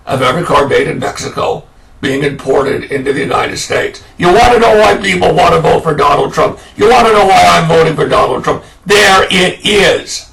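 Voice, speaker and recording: A man's voice: high voice, vocal fry, fairly bright tone, distant mic, poor audio. A man delivering an angry, sarcastic political rant as a commentator. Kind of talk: ranting political monologue.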